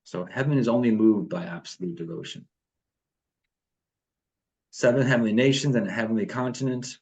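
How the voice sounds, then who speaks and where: A man's voice: medium pitch, normal speed, a little mellow. A man leading a morning devotion over a video call, reading passages aloud and then talking them through with fillers and restarts.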